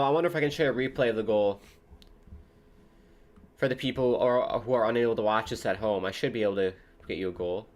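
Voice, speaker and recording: This is a man from the United States, casually commentating a football match for his live stream audience. He talks in a loose, rambling way, wandering from match calls to side stories. He also jumps up in excitement at close chances. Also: mid-range voice. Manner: chatty and rambling, jumping between match calls and tangents. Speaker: livestream host.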